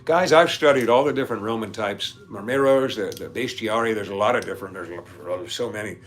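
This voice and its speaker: A man with a fairly low voice talks fairly quickly while hosting an easygoing livestream and reading viewer comments. His chat is full of laughter and rambling, nerdy side notes.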